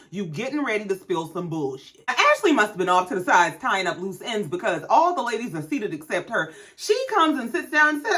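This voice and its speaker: Woman, slightly high voice, sarcastic, profane, casual TV recap commentary. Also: sing-song, fairly quick, hardly any pauses, fairly bright tone. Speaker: reality TV recap host.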